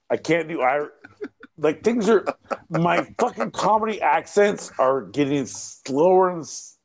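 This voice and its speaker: A man co-hosting a live podcast, rambling, joking and swearing in loose casual banter. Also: medium pitch. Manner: rowdy, profane, rambling, joking. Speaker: podcast co-host.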